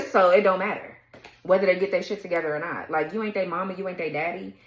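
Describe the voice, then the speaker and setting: A tarot reader with a lowish voice rants bluntly and heatedly at a quick pace, cursing freely and laughing between her words in a casual reading. The audio is poor and the sound is roomy.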